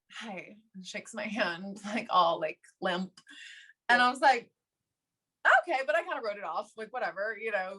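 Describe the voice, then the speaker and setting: Woman guest, 30s, lively storyteller who slips into quoted voices and laughs a lot; mid-pitched, conversational. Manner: animated, laughs often, acts out quoted voices. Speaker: podcast guest. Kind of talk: casual interview storytelling.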